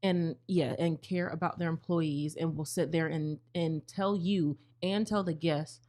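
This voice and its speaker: Brief: young woman bartender-host, low-pitched, candid and chatty, swears. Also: steady tone, a little slow, a little mellow. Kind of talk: casual chat.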